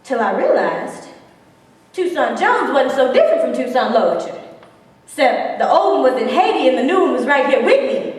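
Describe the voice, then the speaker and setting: A woman's voice: high voice, big pitch swings, normal speed. A woman playing a spirited storyteller in a big hall. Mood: wistful. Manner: vivid storytelling, swinging between hushed and bold. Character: spirited woman recalling her defiant girlhood. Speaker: stage actress. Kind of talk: theatrical monologue. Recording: echoey hall, far from the mic.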